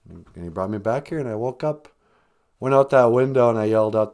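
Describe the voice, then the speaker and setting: A man's voice: fairly low pitch, a little fast, darkish tone. A man hosting a live-stream podcast, telling a comic story with jokey asides. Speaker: podcast host.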